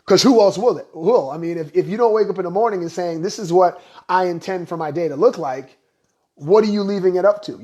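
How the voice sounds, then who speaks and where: Earnest motivational man, slightly high voice. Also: darkish tone. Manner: earnest, coaching, repeats rhetorical questions. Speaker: host. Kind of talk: motivational live-stream talk.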